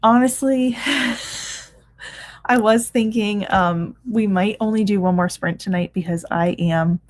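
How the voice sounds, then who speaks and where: A woman in her thirties hosts a reading sprint livestream, her mid-range voice unhurried and darkish in tone. Tired and yawning, she chats casually, reads out comments and laughs often, with plenty of ums and restarts.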